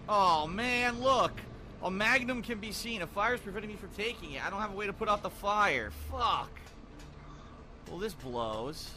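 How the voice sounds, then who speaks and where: A man's voice: sits high, lively intonation, quick pace, hardly any pauses, pushed and bright, slight background noise. A man muttering his way through a video game, frustrated and swearing often. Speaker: let's play gamer. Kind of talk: live gameplay commentary.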